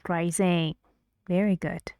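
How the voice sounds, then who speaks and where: Woman pronunciation teacher: unhurried, encouraging, repeats words to model intonation; dry, close recording. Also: on the low side, steady tone, dark tone, clean tone, no echo. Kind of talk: online pronunciation lesson.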